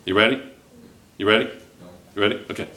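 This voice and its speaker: A high school chemistry teacher lectures his class in an echoey classroom, chatty and joking as he constantly checks in with students. He talks fast in a fairly low, fairly even voice with a bright, forceful tone.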